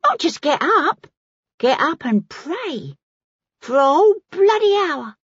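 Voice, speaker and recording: A woman's voice: very high voice, sing-song, a bit bright, no room sound, muffled recording, voice pushed up, full character voice. A woman narrator voicing a frightened, cheeky young street girl with brash slang, in an audiobook. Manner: brash, quick, working-class slang.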